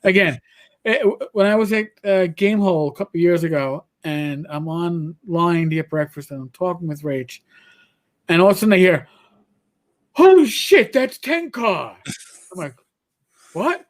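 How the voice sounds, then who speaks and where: A man's voice: a little high, a little fast. A man with a New York accent co-hosting a podcast, chatting casually and telling stories animatedly, with frequent restarts. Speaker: podcast co-host. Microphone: computer microphone on a live stream.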